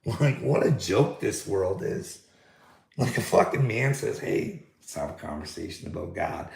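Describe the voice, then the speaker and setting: Heated and furious, this vlogger retells a confrontation in a monologue packed with swearing. His voice is fairly low and gravelly, and the recording sounds roomy.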